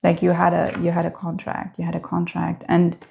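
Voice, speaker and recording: A woman giving a spoken tarot reading in a gentle, heartfelt way, hesitant and full of filler words. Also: on the low side, completely flat delivery, brisk, creaky. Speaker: tarot reader.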